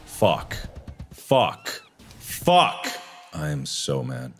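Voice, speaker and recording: A young man giving let's play commentary while he rages, swinging from low mutters to loud frustrated yelling. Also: big pitch swings, measured pace, music in the background. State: frustrated and raging. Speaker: gaming video creator.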